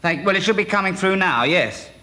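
A man's voice: high voice, expressive, brisk, pushed and bright. A man in an improvised comic phone sketch, flustered and overly formal on the phone. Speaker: comedy performer.

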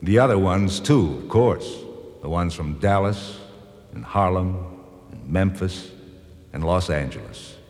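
History itself in a scripted drama, earnest and gently correcting. His fairly low voice is expressive and varied in pitch, and long reverb surrounds it. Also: unhurried. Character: reflective male personification of American history.

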